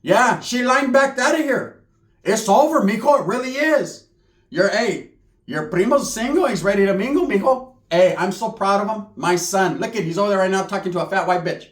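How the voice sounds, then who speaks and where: A man voicing a loud, crude middle-aged aunt who teases and bosses her nephew. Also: high voice, expressive, normal speed, reverberant. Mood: gossiping. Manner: brash, crude, scolding.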